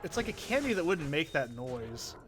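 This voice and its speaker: A man's voice: on the high side, very animated, normal speed, music in the background. A young man giving casual, rambling gameplay commentary, offhand and full of swearing. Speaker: let's play host.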